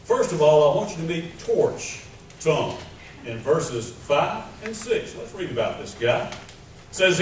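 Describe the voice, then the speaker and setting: Lively preaching man in echoey church. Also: on the high side, a little slow. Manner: preaching with emphatic repetition and shifting loudness. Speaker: pastor. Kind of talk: sermon. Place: church sanctuary. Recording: echoey church room, mic at a distance, faint noise.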